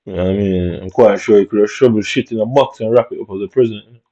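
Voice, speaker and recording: A man's voice: fairly low pitch, quick pace, warm tone, highs cut off. A man telling a long, reflective story about his childhood in casual, rambling talk, dropping "innit" throughout. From Jamaica. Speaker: vlogger.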